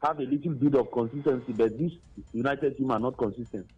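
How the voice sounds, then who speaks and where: A man's voice: mid-range voice, a little fast, a little mellow, husky, dull audio. A man phoning in to a sports radio show, answering emphatically and repeating his points. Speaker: radio caller.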